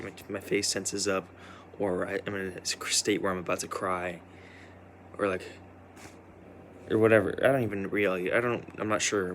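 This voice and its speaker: A man's voice: deep voice, fairly bright tone, a little hiss or hum. Tired young man rambling hesitantly. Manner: hesitant, full of restarts and "like". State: tired after staying up all night. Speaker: vlogger. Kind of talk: rambling personal vlog.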